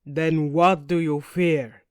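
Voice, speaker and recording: A woman putting on a growling Viking oarsman with a Swedish accent. He speaks loud and low in a storybook reading, close and dry on the mic. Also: fairly even intonation, slow pace, dry recording. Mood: chanting. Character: brawny young male Viking oarsman.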